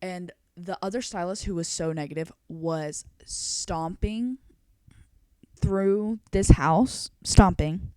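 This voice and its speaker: A woman's voice: lowish voice, darkish tone, no room sound, studio quality. A young woman vlogger telling a story in an emotional, chatty way, saying "like" constantly. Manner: chatty and emotional, heavy use of "like". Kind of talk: storytime vlog.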